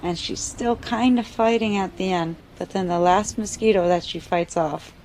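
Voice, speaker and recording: A woman's voice: fairly low pitch, moderate pace, a little mellow, a little hiss or hum, rough recording. A young woman casually telling a spooky story, often saying "like". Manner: casual, uses "like" a lot.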